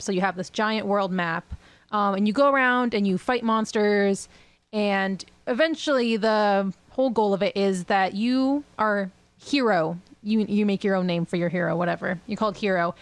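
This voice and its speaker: A woman's voice: mid-range voice, clear, resonant tone, dry recording. A woman co-hosting a podcast, chatting casually and rambling with lots of fillers and laughs. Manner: rambling, giggly, lots of likes and ums. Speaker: podcast co-host. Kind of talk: casual chat.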